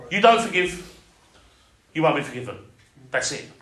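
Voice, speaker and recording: Earnest male preacher with a raised pitch, delivering an impassioned sermon in a reverberant room. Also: animated, moderate pace, a bit bright. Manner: earnest, rising to impassioned, with everyday dialect grammar. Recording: echoey room.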